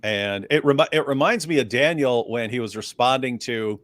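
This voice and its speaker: A man talking through a topic in casual online commentary, thoughtful and measured with sarcastic edges. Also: mid-range voice, a bit bright.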